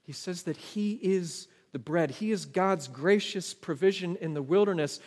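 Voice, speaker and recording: High-voiced pastor in a reverberant hall. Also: male voice, normal speed, darkish tone. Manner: earnest, asks the listeners questions. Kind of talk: sermon. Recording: long reverb of a large hall.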